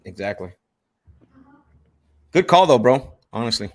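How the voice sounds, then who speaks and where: A man's voice: mid-range voice, sing-song, unhurried. A real estate investor, a man, chatting casually over a video call in a laid-back, agreeable way. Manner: laid-back, agreeable, calls people bro. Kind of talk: casual chat.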